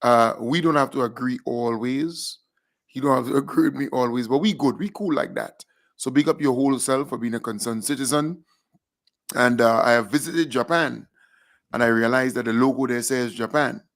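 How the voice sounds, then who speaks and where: A man co-hosting a live online talk show, chatting easily with pauses and asides. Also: mid-range voice, a bit bright. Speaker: co-host. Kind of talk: casual live chat.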